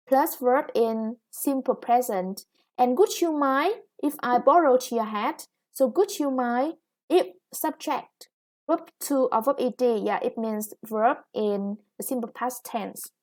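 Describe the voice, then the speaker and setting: A woman English teacher with a Vietnamese accent, explaining grammar in a recorded lesson, slow and patient with many "yeah" and "okay". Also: high-pitched, lively intonation, a little mellow.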